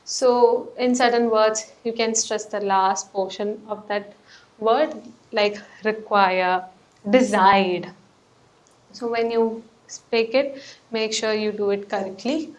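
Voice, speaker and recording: A woman coaching test preparation, explaining word stress in an unscripted way, with fillers and rephrasing. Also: fairly high pitch. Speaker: PTE coach. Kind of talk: English lesson explanation.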